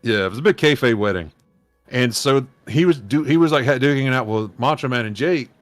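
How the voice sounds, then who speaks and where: A man's voice: mid-range voice, animated, brisk, dry recording, soft background music. A man hosting a podcast, reading aloud and chatting in a rambling, self-correcting way on a close mic. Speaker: podcast host. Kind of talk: casual chat, reading aloud.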